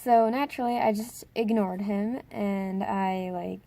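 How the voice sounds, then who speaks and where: A teenage girl telling a school story in a casual storytime vlog, excitable and full of filler words, breaking into dramatic squeals. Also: medium pitch, a little slow. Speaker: storytime vlogger.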